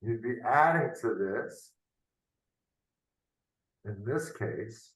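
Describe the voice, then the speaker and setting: A man's voice: mid-range voice, expressive, drawn-out words, a bit bright. A man tutoring math in a loose, unscripted lesson, thinking aloud and often ending with tag questions, heard over a video call. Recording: roomy, from off the mic.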